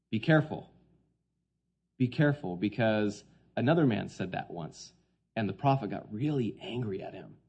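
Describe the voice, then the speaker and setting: A man preaching a sermon, swinging between hushed quoted lines and loud, emphatic points. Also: on the low side, expressive, normal speed, vocal fry, slightly rough, highs cut off.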